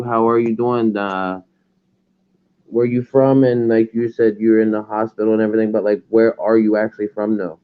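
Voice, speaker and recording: Low-voiced man on tinny audio. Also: smooth. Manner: easygoing, asks lots of questions. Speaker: host. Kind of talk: casual livestream chat. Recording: tinny phone-like line.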